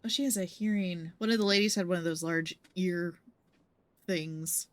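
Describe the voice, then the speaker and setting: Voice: medium pitch, moderate pace, fairly bright tone, slight background noise. A streamer chatting casually and playfully while playing a video game.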